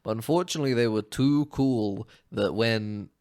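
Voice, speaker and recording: A man's voice: mid-range voice, moderate pace, darkish tone. A man co-hosting a podcast, chatting casually and rambling, with frequent restarts. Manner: rambling, restarts and laughs a lot. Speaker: podcast co-host. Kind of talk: casual chat.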